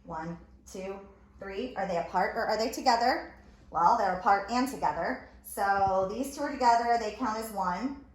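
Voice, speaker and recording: A woman's voice: mid-range voice, normal speed. A woman teacher giving a recorded phonics lesson, sounding out letters and word parts one at a time. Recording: echoey room with faint ambient noise.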